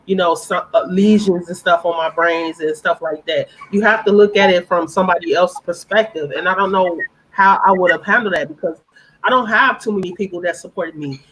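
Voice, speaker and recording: A woman's voice: fairly low pitch, a little fast, a bit bright, low-quality recording. A woman speaking on a live-stream panel, earnest and heartfelt, repeating phrases for emphasis.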